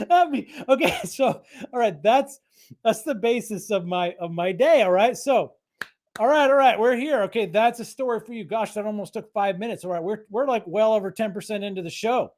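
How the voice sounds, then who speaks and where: A livestream host telling stories straight to the camera, all loose chatter and doubled-back phrases. The voice sits in a middle pitch, neither high nor low. It is an easygoing, unscripted delivery from a webcam setup at home. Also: animated, moderate pace, a little mellow. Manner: rambling, chatty storyteller with many restarts. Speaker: host of a live creator show. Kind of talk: casual livestream chat.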